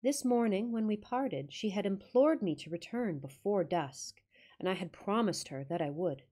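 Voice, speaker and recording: A woman's voice: mid-range voice, expressive, moderate pace, warm tone. A woman narrating a classic ghost story with dramatic reading and wry, joking asides.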